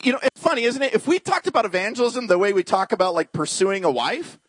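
A male preacher tells stories and jokes with a congregation in a lively sermon. His voice sits high and swings widely in pitch. The recording is dry and close. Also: quick pace, breathy edge, no room sound. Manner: humorous, animated, talks to the congregation.

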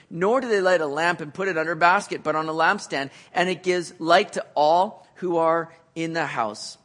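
A man preaching a sermon, earnest, building to emphatic peaks and then dropping back low. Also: fairly bright tone.

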